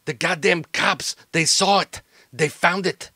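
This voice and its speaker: A cursing, stammering henchman full of panic and spite, put on by a man running a tabletop game. The voice is bright and forceful. It sounds close and dry, with no room around it. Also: high-pitched, a little slow, slightly rough, no echo, pitched above the performer's own voice, full character voice. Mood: angry. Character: hot-tempered, foul-mouthed male henchman, panicked.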